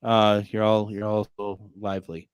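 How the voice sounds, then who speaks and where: A man's voice: fairly low pitch, monotone, moderate pace, clear, resonant tone, dry recording. A man hosting a live paranormal radio talk show, telling stories animatedly and acting out his own quotes with plenty of fillers.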